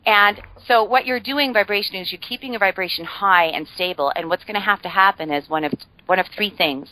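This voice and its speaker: A woman's voice: medium pitch, a little fast, sharp tone, dry recording, low-quality recording. A woman guest on a podcast, explaining ideas in a chatty way with frequent fillers and playful humor. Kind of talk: casual podcast conversation.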